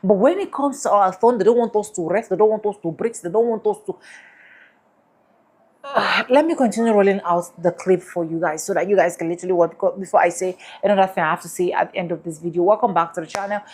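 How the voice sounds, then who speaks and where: A woman hosting a commentary channel, talking emphatically and repeating phrases slowly for stress. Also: mid-range voice, darkish tone. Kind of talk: casual commentary.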